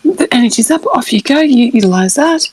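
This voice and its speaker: A middle-aged woman chatting casually on a live stream, animated and swearing freely. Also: high voice, a little fast, breathy edge, dry recording. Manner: animated, swears, acts out quoted voices. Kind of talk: casual chat.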